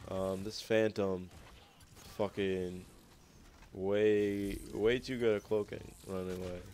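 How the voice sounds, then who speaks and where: A man's voice: on the low side, darkish tone, a little hiss or hum. A young man giving rambling gameplay commentary over a recorded match, swearing often and mocking his own play.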